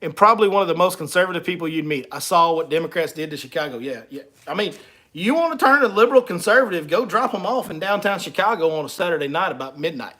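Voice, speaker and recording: Man, fishing guide host, casual teasing livestream chat, slightly high voice. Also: lively intonation, quick pace, pushed and bright. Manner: joking, teasing and laughing between lines.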